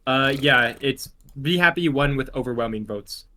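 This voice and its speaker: A man in a casual panel chat, joining in with quick teasing banter. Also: medium pitch, sharp tone, slight background noise. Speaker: panel member.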